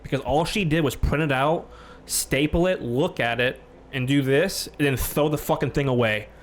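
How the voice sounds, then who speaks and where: A man ranting on a casual podcast, telling a story, swearing freely and getting loud when angry. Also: medium pitch, normal speed, slight background noise. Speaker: podcast host.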